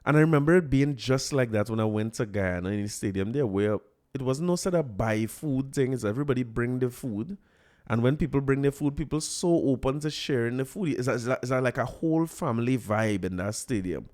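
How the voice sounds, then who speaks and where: Man, trinidadian accent, forties, podcast host, chatty, anecdotal, laughs often, mid-pitched voice. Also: animated, fairly quick, darkish tone. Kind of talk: casual solo podcast talk.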